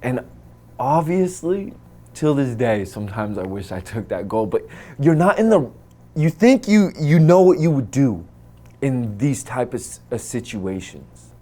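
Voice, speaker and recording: A man from the United States retells a personal experience in a middle-pitched voice. He acts out the lines of the people in it and sinks into a near-whisper at the grim parts. He scatters Arabic phrases through his story. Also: very animated, a little slow. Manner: dramatic retelling, acts out quoted lines and drops to hushed tones. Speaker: interviewee telling a personal story.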